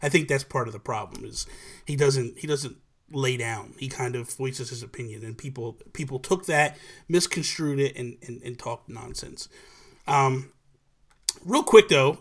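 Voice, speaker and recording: A man hosting a live video chat, talking casually and energetically, rambling with restarts and greeting viewers by name. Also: medium pitch. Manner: animated, rambling with many restarts, greets chatters. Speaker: livestream host.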